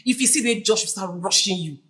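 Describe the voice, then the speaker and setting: A woman's voice: medium pitch, expressive, quick pace, fairly bright tone, natural voice. A woman playing a brash, teasing best friend. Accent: Nigerian. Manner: teasing, pushy.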